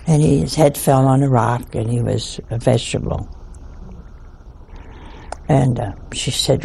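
An older woman, a nun, telling a humorous story in a slow, folksy manner. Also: rumbling low, gravelly, mellow, slight background noise. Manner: slow, folksy anecdotal delivery.

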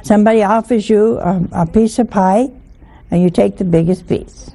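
A woman's voice: mid-range voice, normal speed, gravelly, mellow. An older woman giving a folksy sermon, teasing her listeners with rhetorical questions. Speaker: preacher.

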